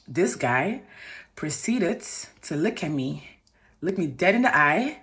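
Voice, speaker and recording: A young woman from Belgium, casually recounting a bad date in an animated, sarcastic way, with big jumps in pitch when she reacts. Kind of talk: casual storytime.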